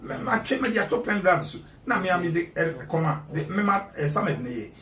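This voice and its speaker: A man's voice: high voice, very animated, brisk, bright, forceful tone, reverberant. A Ghanaian man giving an interview as a guest, emphatic and repeating words for stress. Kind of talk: animated interview talk mixing Twi and English.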